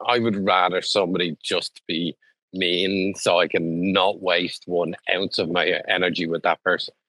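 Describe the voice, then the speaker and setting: A man's voice: deep voice, steady tone, normal speed, pushed and bright, dry recording, rough recording. A man in a casual podcast chat, speaking bluntly and exaggerating for effect.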